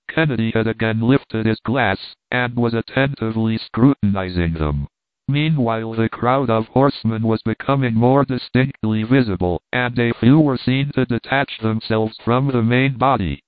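Male audiobook narrator, steady and measured, tinny phone-like sound, dry. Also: medium pitch, clean tone, no echo. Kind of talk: audiobook reading.

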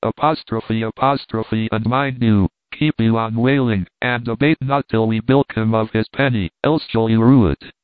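A man's voice: on the low side, fairly even intonation, moderate pace, hardly any pauses, no room sound, natural voice. A man reading the part of a scheming, mocking young vagabond thief. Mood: bossy. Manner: bullying, scoffing. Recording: dry, phone-like narrow sound.

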